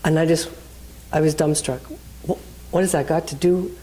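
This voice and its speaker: A woman's voice: low-pitched, fairly even intonation, moderate pace, warm tone. A woman minister preaching in a conversational way, telling a personal story and acting out the people in it.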